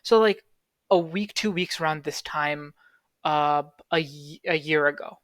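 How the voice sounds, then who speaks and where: A man's voice: fairly high pitch, a little slow, a bit bright, dry recording. A young man co-hosting a podcast online, telling a long story in casual chat with many fillers and restarts. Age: young adult. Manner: rambling, lots of fillers and restarts. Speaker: podcast co-host. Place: home, recorded online. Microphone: online call.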